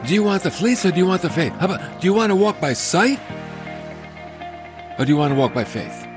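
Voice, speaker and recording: A man hosting a radio Bible teaching from a studio, folksy and animated, with joking asides. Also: on the high side. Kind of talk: radio sermon.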